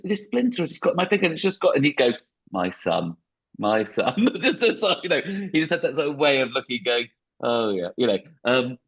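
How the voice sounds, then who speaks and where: A middle-aged man talks in a husky, slightly breathy voice at an ordinary pitch. He is a comedian chatting casually as a podcast guest, rambling and poking fun at himself with frequent restarts. The tone stays easy and conversational. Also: fairly bright tone, low-quality recording. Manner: self-mocking, chatty, many restarts. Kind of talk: casual interview chat.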